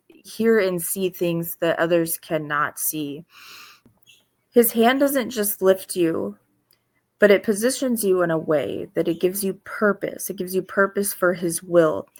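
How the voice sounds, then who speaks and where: Woman, earnest devotional talk, halting with restarts, slow unhurried delivery. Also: on the low side. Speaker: faith video host. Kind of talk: informal devotional teaching.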